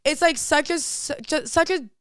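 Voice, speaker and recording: A woman's voice: sits high, normal speed, a bit bright, no room sound, studio quality. A young woman comedian hosting a podcast, chatting casually, agreeable, and often trailing off mid-sentence.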